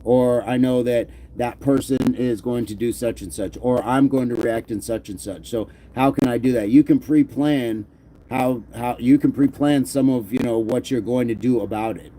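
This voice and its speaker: A man's voice: mid-range voice, steady tone, moderate pace, dark tone, a little hiss or hum. Joking man chatting on a livestream. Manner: loose and joking, drops into a mock movie-gangster voice. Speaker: livestream host. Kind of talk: casual livestream chat reading comments.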